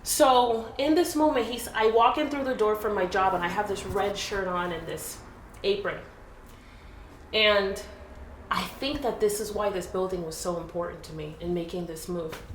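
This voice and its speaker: Woman, from Jamaica, earnest storytelling, halting restarts, echoey room, faint ambience. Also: medium pitch, slight background noise. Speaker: business owner telling her story. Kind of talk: personal storytelling in conversation. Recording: roomy echo.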